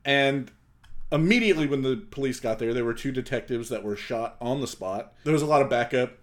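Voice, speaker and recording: A man's voice: medium pitch, fairly quick. Casual man co-hosting a podcast. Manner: laughs often, swears casually. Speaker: podcast co-host. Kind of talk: casual chat.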